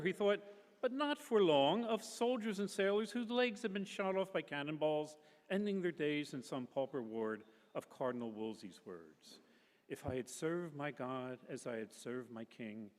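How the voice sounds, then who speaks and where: At a public literary festival, a man reads a novel aloud with expressive, characterful delivery, moving between narration and the voices of the story's people. His voice is fairly high, his pace moderate, and the sound is that of a big room.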